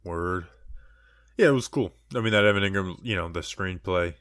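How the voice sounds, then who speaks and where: A man's voice: deep voice, normal speed, a bit bright, no echo, clean studio sound. A man co-hosting a casual sports podcast, joking around and rambling with plenty of "like" and "you know.". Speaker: podcast co-host.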